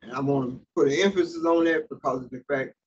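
A man's slightly high voice moves at a quick pace as he preaches a sermon in a church sanctuary. The pastor reads scripture and keeps breaking off to explain it, with fillers and restarted phrases. The recording, made from a distance, is dull with a faint hiss.

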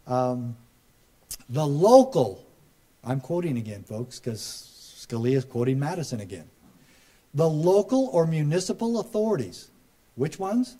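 A middle-aged man giving a rally speech, folksy and joking, building to loud emphatic punchlines. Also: fairly high pitch. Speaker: speaker at a political rally. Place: rally crowd, live address.

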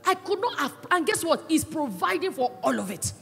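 A woman pastor preaching a sermon with passion, swinging between loud cries and hushed asides. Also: sits high, big pitch swings, normal speed, vocal fry. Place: church hall. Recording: echoey church hall, with faint music.

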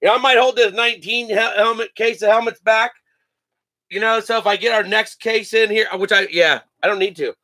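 A man's voice: high voice, steady tone, fairly quick, sharp tone, no echo. A man hosting a live sports card break, joking, laughing and rattling off player names as he opens packs. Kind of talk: casual live card-opening chat.

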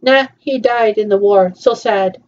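A woman's voice: mid-range voice, unhurried, darkish tone, lo-fi sound. A woman casually commenting while she watches a film, often murmuring agreement between her remarks. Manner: chatty, with frequent murmured agreements. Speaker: viewer reacting to a film.

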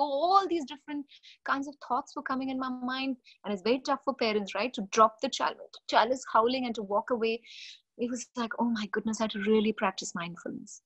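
A middle-aged woman, a mindfulness coach giving an animated, expressive webinar talk on parenting. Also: high-pitched, fairly quick. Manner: expressive, animated storytelling with acted-out quotes.

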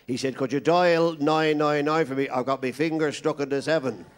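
Irish male stand-up comic with a rambling joke-telling manner and a voice a touch on the high side. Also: steady tone, normal speed, very noisy. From Ireland. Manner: rambling joke teller, playing all the characters himself. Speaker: stand-up comedian.

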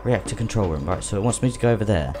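Panicky swearing gamer. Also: male voice, lowish voice, animated, very fast. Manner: panicky, swearing, talking to the game. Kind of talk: gameplay commentary. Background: game music.

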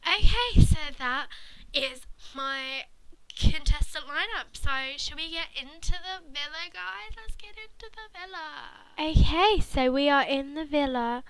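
A woman's voice: high voice, animated, takes it slowly, fairly bright tone, slight background noise, rough recording. A young woman commentating on a life-sim game in a sarcastic, playful, mock-blunt way. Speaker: gaming channel host.

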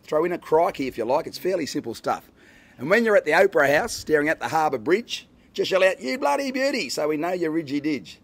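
A middle-aged Australian man recites comic rhyming verse in a playful, lilting rhythm. His voice sits a little high and has a husky grain. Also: expressive, brisk. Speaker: bush poet.

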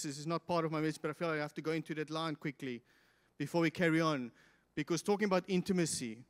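A man preaching a sermon as pastor, swinging from loud, impassioned peaks to quiet asides. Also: fairly high pitch. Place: church hall. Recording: reverberant church hall.

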